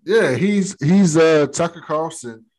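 A man's voice: on the high side, lively intonation, slow, darkish tone. A man in a casual podcast chat, retelling a TV episode in slangy speech, quoting the characters' lines. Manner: slangy, retells scenes with quoted dialogue. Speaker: podcast co-host.

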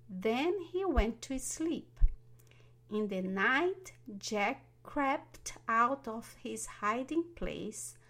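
A woman tells a children's fairy tale in an unhurried storybook voice. She reads at a very slow, deliberate pace, and her voice sits a little higher than most women's. Every line comes out even and careful. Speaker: narrator. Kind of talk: storybook narration.

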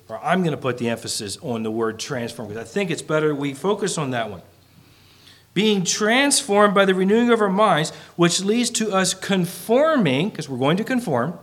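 A man delivering a sermon, reading scripture in measured phrases and pressing his points with rising intensity. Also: a bit bright. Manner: earnest, rises in pitch and volume when pressing a point. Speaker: preacher.

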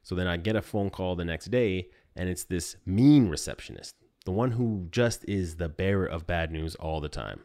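A man in his thirties hosting a podcast, telling a personal story in a casual, animated and self-deprecating way. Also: low voice, normal speed, few pauses, no echo, studio quality.

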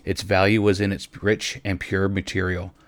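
A man narrating a story aloud in a gentle way, at times speaking directly to his listeners. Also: sits low, little pitch movement, moderate pace, dry recording. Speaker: reader.

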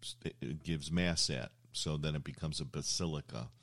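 A very deep-voiced older man hosts a relaxed chat show. He wanders through stories, pausing on ums and uhs, circling back to his point. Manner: rambling, anecdotal storyteller with many fillers. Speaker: show host. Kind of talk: casual interview chat.

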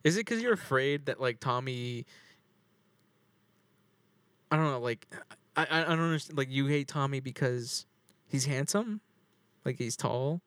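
A man's voice: mid-range voice, lively intonation, unhurried, pauses often, fairly bright tone, no room sound. A man chatting loosely on a podcast, rambling and full of filler words. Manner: rambling, acts out quoted voices. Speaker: podcast co-host. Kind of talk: casual chat.

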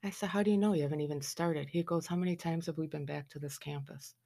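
Low-voiced storytelling Midwestern mother. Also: fast talker, vocal fry. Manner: animated, acts out quoted lines, sarcastic asides. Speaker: mother telling a family story. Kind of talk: casual storytelling.

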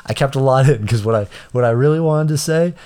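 A man's voice: mid-range voice, fast, warm tone, clear, resonant tone. A man telling a rambling story in casual chat, stammering and repeating words, his voice jumping up when he gets indignant. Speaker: traveler telling an airport story.

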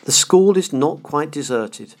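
A man voicing a solemn male ghost who speaks slowly and quietly. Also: fairly high pitch, expressive.

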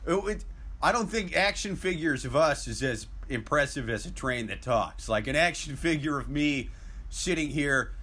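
A hungover Midwestern man with a bright, forceful, fairly high voice trading crude jokes on a podcast. He swears freely and keeps the banter loose. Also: animated, normal speed. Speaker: podcast co-host. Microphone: earbud in.

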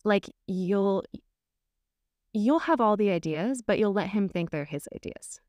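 A woman's voice: medium pitch, expressive, a little slow, a little mellow, dry recording, studio quality. A woman relationship coach talking frankly and candidly on a podcast, laughing often as she speaks.

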